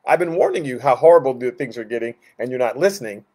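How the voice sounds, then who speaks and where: Leading a Bible study, a man with a mid-range voice speaks fast and keeps things loose and conversational. His lively teaching is full of restarted sentences and rhetorical questions.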